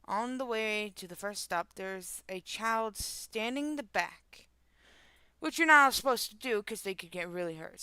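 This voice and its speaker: A woman's voice: medium pitch, sharp tone, clear, resonant tone, dry recording. A young woman streamer from the northern United States, reading online stories aloud and adding casual, swear-laden commentary. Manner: casual, swears and laughs in asides.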